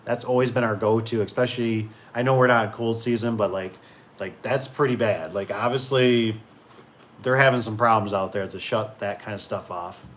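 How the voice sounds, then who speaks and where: A man's voice: lowish voice, steady tone, moderate pace, fairly bright tone, slight background noise. A young man telling a rambling story from his time in a trades business, interrupting himself often and raising his voice when he quotes people, then reading comments from a live stream. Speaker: garage door business owner and stream host.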